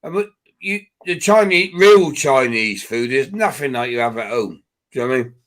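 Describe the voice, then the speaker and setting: A man's voice: mid-range voice, expressive, normal speed, fairly bright tone. A man co-hosting a casual pub-style chat, swearing freely as he rambles through travel anecdotes. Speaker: podcast co-host.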